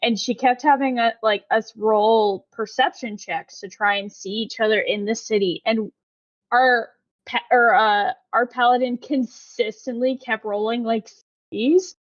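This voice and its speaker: Giggly animated woman player. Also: a little high, a little slow, muffled recording. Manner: animated, giggly, lots of fillers. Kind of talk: casual chat, storytelling.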